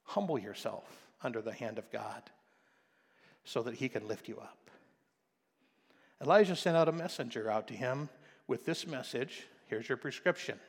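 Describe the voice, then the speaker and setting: A male pastor preaching a sermon, swinging from quiet explanation to loud, emphatic passages. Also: mid-range voice, expressive, moderate pace, creaky, pauses often, husky, in a large hall. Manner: preaching with rising intensity, shifting from quiet to loud.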